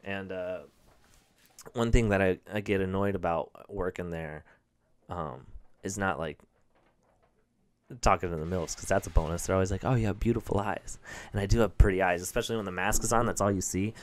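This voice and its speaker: A man's voice: deep voice, steady tone, brisk, long pauses. A man in his twenties hosting a podcast, rambling through crude, self-deprecating stand-up jokes with lots of fillers. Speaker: podcast host and stand-up comedian. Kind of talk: casual comedic monologue.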